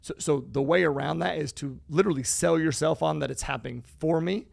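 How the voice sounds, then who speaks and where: Gravelly, emphatic male podcast host. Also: fairly high pitch, a little fast, dry recording, clean studio sound. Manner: emphatic, casual, swears freely. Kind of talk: casual motivational chat.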